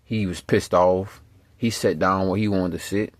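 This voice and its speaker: Low-voiced man telling a rambling profane story. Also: fairly even intonation, a little slow, no room sound. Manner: profane, emphatic, streetwise slang. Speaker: vlogger.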